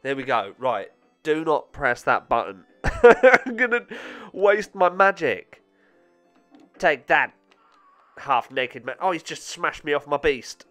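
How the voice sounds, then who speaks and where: A man talks through a retro game as he plays, his pitch leaping around as he yelps and curses at the enemies. He laughs at his own mistakes, with faint game music underneath. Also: slow pace, clean tone. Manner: excitable, swearing, laughing at himself. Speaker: gaming channel host. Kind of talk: let's-play commentary.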